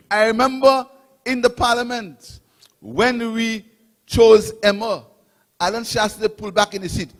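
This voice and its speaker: A man's voice: very high voice, steady tone, a little slow, big-room sound. A middle-aged man from Saint Lucia with a Saint Lucian accent, giving an impassioned rally speech as guest speaker with repetition and swings of emphasis. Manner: impassioned, repetitive oratory with rising and falling emphasis.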